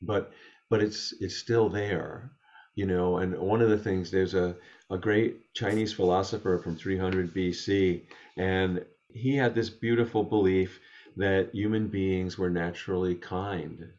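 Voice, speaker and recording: Male guest, low voice, gentle reflective storyteller, dull lo-fi remote sound. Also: fairly even intonation, a little slow. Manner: gentle, thoughtful, with frequent restarts. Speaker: interview guest. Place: home study.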